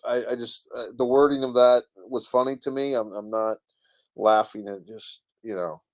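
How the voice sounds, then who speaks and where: A man's voice: mid-range voice, lively intonation, normal speed. Rambling male live-stream host. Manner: rambling, talks to viewers and reads their comments aloud. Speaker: online show host reading chat comments. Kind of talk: casual live-stream rant.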